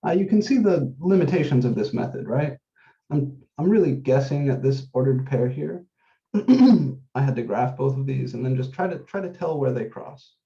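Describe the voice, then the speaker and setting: Gravelly-voiced man lecturing on math. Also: mid-range voice, lively intonation, warm tone. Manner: methodical, repeats key steps, says numbers slowly while writing. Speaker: math instructor. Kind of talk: classroom lecture. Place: classroom. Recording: dull echoey classroom recording.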